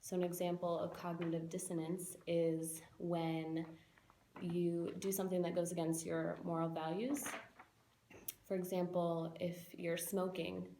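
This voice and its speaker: A woman's voice: lowish voice, flat delivery, measured pace, warm tone, a little hiss or hum. A young woman giving a casual spoken lesson, explaining ideas with everyday examples and fillers. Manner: casual, with fillers and quoted inner voices. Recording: echoey room.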